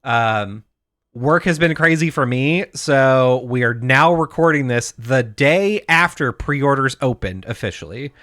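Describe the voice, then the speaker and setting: A man's voice: mid-range voice, a little slow. A man co-hosting a podcast in casual chat, joking and using lots of fillers. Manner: lively, filler-heavy, joking. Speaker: podcast co-host.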